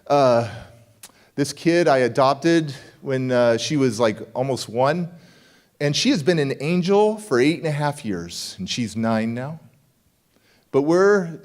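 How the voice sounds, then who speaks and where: His voice is medium in pitch and a little mellow as he gives a motivational keynote on a conference hall stage. He hammers home key words through punchy repetition while telling a story and acting out the dialogue from both sides.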